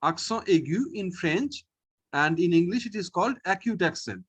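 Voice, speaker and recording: A man teaching a French lesson online, slowly and patiently, repeating each sound and often checking in with "okay". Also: high-pitched, animated, husky.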